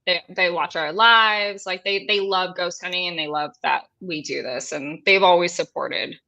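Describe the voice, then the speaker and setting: A young woman co-host chats on a paranormal live stream. She giggles and gushes, and teases herself. Her voice is bright and sharp-edged. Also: lowish voice, moderate pace, creaky, highs cut off. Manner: giggly, gushing, self-deprecating. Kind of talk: casual live-stream chat.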